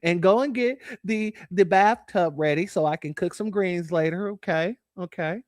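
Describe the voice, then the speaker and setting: A man's voice: sits high, moderate pace, no room sound, clean studio sound, close to an everyday voice. Comic impression: a man doing a condescending woman politician with a put-on drawl.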